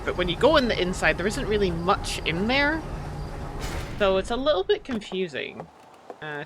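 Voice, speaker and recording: A woman streamer chatting casually as she plays, thinking aloud and getting flustered. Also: on the low side. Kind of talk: casual live gameplay commentary. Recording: steady background noise.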